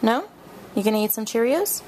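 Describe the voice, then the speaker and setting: A woman filming her baby at home, talking to her in soft, coaxing, sing-song baby talk. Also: on the high side, expressive, a little fast, slight background noise. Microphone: handheld camera mic.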